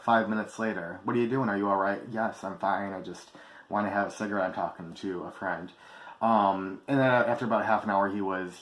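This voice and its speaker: A man's voice: on the low side, a bit bright. A man telling a personal story to camera in a vlog, candid and emphatic, swearing freely. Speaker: vlogger. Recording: echoey room with faint ambience.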